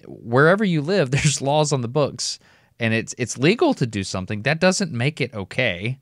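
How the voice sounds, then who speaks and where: A man with a Southern US accent, co-hosting a podcast, talking in an animated way and thinking aloud. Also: mid-range voice, moderate pace, no room sound, studio quality. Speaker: podcast co-host. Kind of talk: casual conversation.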